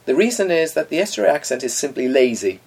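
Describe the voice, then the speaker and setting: Man, podcast co-host; gravelly, fussy about diction, opinionated. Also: fairly high pitch, sing-song, fast, darkish tone. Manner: pedantic, opinionated, articulate. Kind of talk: casual chat.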